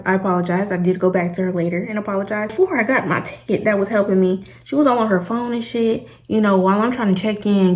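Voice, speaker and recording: A woman's voice: medium pitch, darkish tone. A young woman vlogger telling a story in casual slang, acting out the people in it. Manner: dramatic, slangy storytelling with acted-out quotes. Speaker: travel vlogger. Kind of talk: animated storytime vlog.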